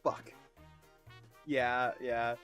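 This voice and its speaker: Speaking in a mid-range voice with a level tone over music, a man streams a video game. He banters casually with viewers, swearing, ribbing himself and dropping quick remarks to chat.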